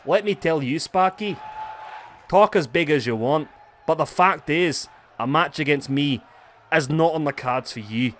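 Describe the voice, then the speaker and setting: Voicing a smug heel wrestler who calls himself a genius, a man belittles his rival with pompous, condescending words. He speaks at a measured pace in a slightly high, bit bright voice, with slight background noise.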